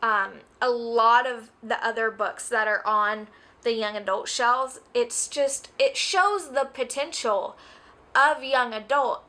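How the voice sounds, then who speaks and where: A woman's voice: high voice, bright, forceful tone. A young woman reviewing a book in a casual vlog, gushing and rambling, close to tears. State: tearful.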